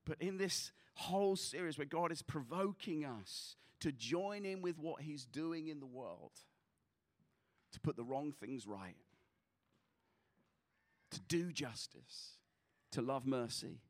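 A man's voice: a little high, animated, takes it slowly. Earnest male pastor preaching. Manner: earnest, repeats words, rises to passionate exhortation then quiet prayer. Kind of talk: sermon.

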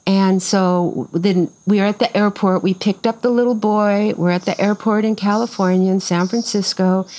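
Outdoors on a farm, an older woman is interviewed and casually tells a long story, full of lively restarts and acted-out voices of what people said. Her mid-range voice moves at a normal speed, and the recording is rough.

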